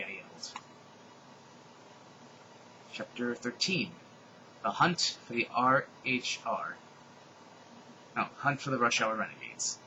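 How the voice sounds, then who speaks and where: A young man doing a comedic dramatic reading of a fan story, with animated delivery, shouted dialogue and mocking asides. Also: medium pitch, slow pace, long pauses, muffled recording, a little hiss or hum.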